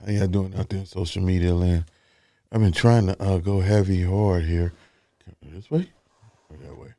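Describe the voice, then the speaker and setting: A man's voice: sits low, fairly even intonation, normal speed, dark tone, no echo, studio quality. A man hosting a casual talk show, rambling loosely and repeating phrases for emphasis. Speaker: podcast host.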